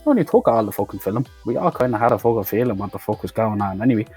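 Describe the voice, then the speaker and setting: A man's voice: on the low side, lively intonation, fast talker, dark tone, breathy edge, soft background music. A man giving a profane, mocking comic recap of a film as a reviewer. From Ireland. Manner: sweary, ranting, mocking.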